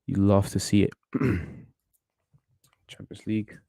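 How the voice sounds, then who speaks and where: A man's voice: lowish voice, completely flat delivery, measured pace, creaky, mellow, no echo. A man hosting a football watchalong, chatting casually and giving opinionated commentary on the match. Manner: chatty, opinionated, thinks aloud with restarts.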